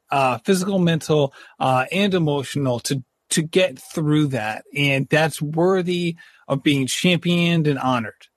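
A man hosting a podcast interview, thoughtful and slow, searching for words. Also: on the high side, no echo, studio quality. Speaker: podcast host. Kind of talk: casual interview talk.

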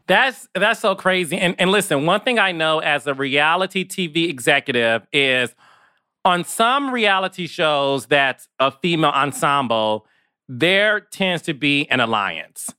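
A man's voice: a little high, expressive, measured pace, pushed and bright, clear, resonant tone, no echo, studio quality. A man hosting a podcast, explaining things to his listeners. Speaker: podcast host, TV executive. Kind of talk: podcast interview commentary.

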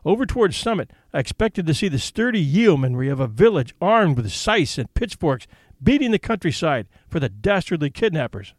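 A man's voice: fairly high pitch, sing-song, moderate pace, no room sound. A man narrating an audiobook story in a wry, folksy way, switching into character voices.

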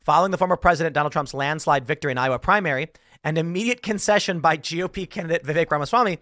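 Male host, political commentary, animated, high voice, bright tone. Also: very fast, no echo, clean studio sound. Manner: animated, laughs while reading jokes aloud.

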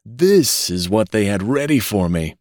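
A man voicing a querulous old man who has just been born, speaking in a whining, quavering voice, higher than his own. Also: sing-song, measured pace, a little mellow, no room sound, clean studio sound. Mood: petulant.

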